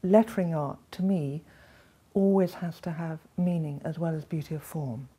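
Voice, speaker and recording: A woman's voice: low-pitched, moderate pace, mellow, breathy edge. A woman speaking sincerely in a documentary interview.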